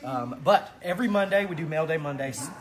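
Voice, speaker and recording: A man hosting a live show in casual chat, excitedly promoting a giveaway. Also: fairly high pitch, fairly quick. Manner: excited, animated promo talk. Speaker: show host.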